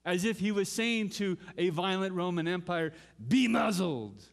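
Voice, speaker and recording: A man's voice: high-pitched, fairly even intonation, normal speed, clear, resonant tone. A middle-aged man preaching a sermon as pastor, dramatically reading scripture and acting out pleas to God.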